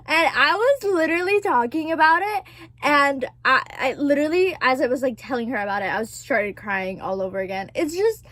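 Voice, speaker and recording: High, lively young woman gushing. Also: a little fast. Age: 20s. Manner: gushing and profane, laughs often. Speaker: vlogger. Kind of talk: casual chat.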